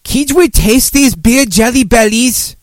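A man putting on the high, mocking voice of a fussy, complaining mother. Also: animated, measured pace, no echo, clean studio sound. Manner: mocking high falsetto-like reading.

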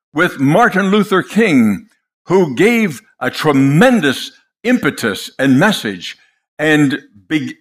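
An older man preaching a sermon, impassioned and dramatic, telling stories with pauses for effect. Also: on the high side, a bit bright.

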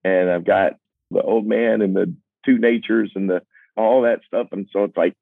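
An older man with a deep, low voice shares candid stories in an earnest, self-deprecating way, often stopping and restarting his thoughts. The sound is dry and narrow, like a phone line. He comes across as a singer-songwriter reflecting aloud. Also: fairly even intonation, moderate pace, gravelly, dry recording. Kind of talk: candid personal storytelling.

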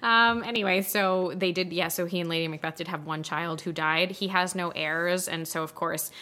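A woman co-hosting a casual podcast chat, recapping a film story with lively acted-out quotes, frequent laughs and casual swearing. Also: lowish voice. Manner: animated, acts out characters in quick quotes, laughs often, swears casually. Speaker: podcast co-host.

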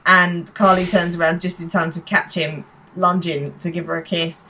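A woman with a slightly low voice recaps an episode for her podcast, taking turns with her co-host. She narrates the scenes in an easy, conversational way. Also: level tone, normal speed, sharp tone, far from the mic, a little hiss or hum, rough recording. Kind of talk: casual chat recapping a TV episode.

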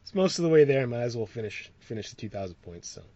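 A man hosting a casual podcast chat, relaxed and rambling, laughing often. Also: medium pitch, quick pace. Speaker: podcast host. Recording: dull lo-fi sound.

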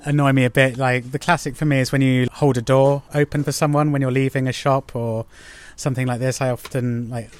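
A man's voice: medium pitch, little pitch movement, a little fast. A man from England hosting a casual chat, easygoing and asking questions. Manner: easygoing, agreeable, asks questions.

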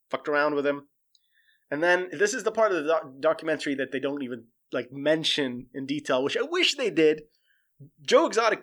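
A man giving casual commentary, rambling and profane, animated as he tells the story. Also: fairly high pitch.

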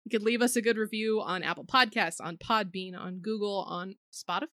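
A woman co-hosting a gaming podcast, chatting casually, animated and jokey, swearing now and then. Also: mid-range voice, fairly quick, dry recording, clean studio sound. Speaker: podcast co-host.

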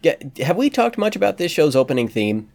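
A man's voice: fairly high pitch, very animated, a little fast, creaky, a little mellow. A man co-hosting a podcast in casual, teasing conversation. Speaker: podcast co-host. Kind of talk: casual chat.

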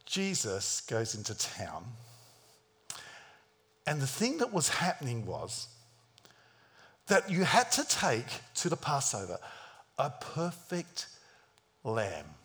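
A man's voice: mid-range voice, wildly swooping pitch, takes it slowly, pauses often, a bit bright. A man preaching a sermon in a dramatic storytelling style, acting out the scenes he describes. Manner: dramatic, acts out the scenes, plays other voices.

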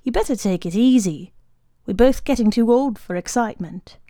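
A woman's voice: fairly high pitch, lively intonation, moderate pace, mellow, no room sound, studio quality, lightly acted. A woman voicing an aging man who talks bluntly, in clipped phrases, to his old dog. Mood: gruff.

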